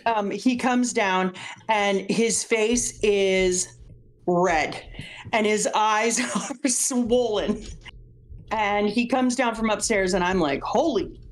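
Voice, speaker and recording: A middle-aged woman casually chatting, telling a story with lively acted-out quotes. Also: mid-range voice, takes it slowly. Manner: animated storytelling, acts out quotes. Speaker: guest reader, mother. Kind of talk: casual chat.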